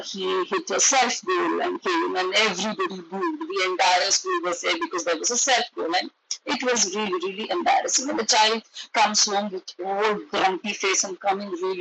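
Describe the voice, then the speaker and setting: A woman's voice: mid-range voice, gravelly, low-quality recording. A woman with an Indian English accent giving an earnest parenting talk, explaining points and acting out exchanges between parents and children. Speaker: parenting educator.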